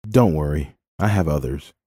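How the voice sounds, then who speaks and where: A learned young king speaks calmly with a dry wit, as a male audiobook reader plays him. His voice sits low and warm. The sound is close and dry. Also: normal speed, breathy edge, no room sound. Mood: wry. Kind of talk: audiobook character voice.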